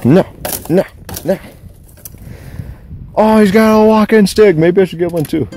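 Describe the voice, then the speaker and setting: A man's voice: high-pitched, measured pace, dark tone, slight background noise. Goofy young man vlogging on a hike. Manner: goofy, joking, narrating to camera. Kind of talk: casual hiking vlog. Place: outdoors on a mountain trail. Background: music.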